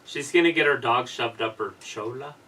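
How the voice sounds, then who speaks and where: A man's voice: medium pitch, normal speed, sharp tone, far from the mic, low-quality recording. A man co-hosting a casual live stream, trading dry, teasing asides with the host. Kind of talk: casual watch-along banter.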